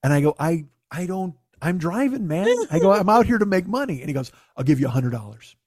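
A man's voice: a little high, very animated, fairly quick, a little mellow, no echo, clean studio sound. A man telling a casual, profane story in his own voice. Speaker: podcast host telling a story.

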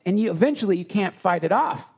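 A man telling a personal story in conversation, earnest and halting with many restarts. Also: high voice, expressive, gravelly, darkish tone, slight background noise. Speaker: guest.

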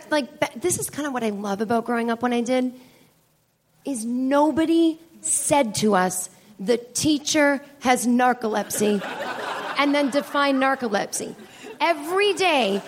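A middle-aged woman comedian telling rambling, profane stories on stage at a live taping. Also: high voice. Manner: chatty, profane, rambling asides. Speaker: stand-up comedian and podcast host. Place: stage in a small comedy venue.

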